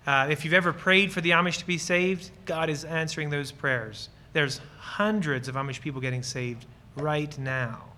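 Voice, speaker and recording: Speaking at normal speed with few pauses, a Lancaster County, Pennsylvania man delivers a ministry talk as a guest speaker in a slightly high, pushed, bright voice with fairly even intonation. He's earnest and enthusiastic, fielding audience questions, telling personal stories, and acting out brief dialogue while explaining.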